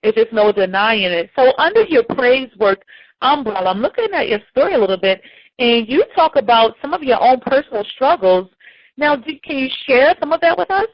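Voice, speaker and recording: A woman hosts a radio interview, drawing out her guest in an encouraging way. Her voice is a little high. The audio is dry and slightly dull. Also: big pitch swings, a little fast, no room sound. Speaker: host.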